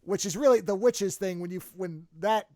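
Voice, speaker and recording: A man's voice: high voice, normal speed, a little mellow, no room sound, studio quality. A man hosting a podcast, chatting casually about a TV show in a rambling, self-correcting way. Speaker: podcast host.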